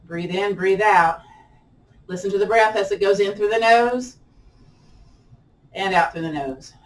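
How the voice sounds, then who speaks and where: A woman's voice: recorded from a distance, low-quality recording. A woman leading a chatty guided yoga class, laughing often and letting her voice jump up when a stretch gets hard. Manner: playful, laughs often, pitch jumps up on effort. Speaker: yoga instructor.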